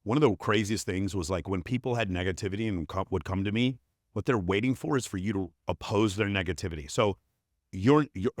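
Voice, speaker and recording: A man's voice: fairly low pitch, no room sound, studio quality. Blunt, profane man on a podcast. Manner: blunt, profane, emphatic storytelling. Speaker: podcast guest. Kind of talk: casual interview conversation.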